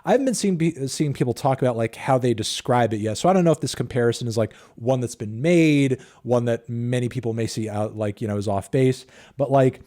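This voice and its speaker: Brief: man, thirties, casual livestream music reviewer, mellow tone, swears a lot, rambles. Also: medium pitch, fairly quick, hardly any pauses. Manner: sarcastic, profane, rambling with fillers.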